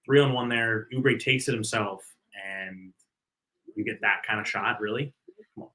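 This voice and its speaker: A man co-hosting a fan watch-party stream, giving excitable, chatty play-by-play of a live game. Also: fairly low pitch, normal speed. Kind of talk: casual live game commentary.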